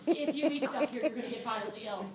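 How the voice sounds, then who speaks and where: A woman microbiology teacher telling a funny story to her class, animated and laughing as she acts out what people said. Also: on the high side, fast talker, over a noisy crowd. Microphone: phone camera from a student's seat. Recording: echoey classroom filmed from far off.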